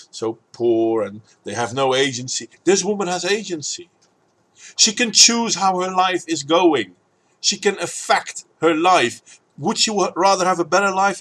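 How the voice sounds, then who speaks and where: A man talks through his own opinion commentary, pressing his points in an argumentative way. His voice sits a little higher than most men's. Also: bright, forceful tone. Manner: argumentative, talking to camera. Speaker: video uploader.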